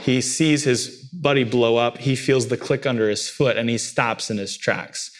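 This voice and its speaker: A man preaching a sermon, animated and acting out cries with sudden leaps in pitch. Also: moderate pace. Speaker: pastor.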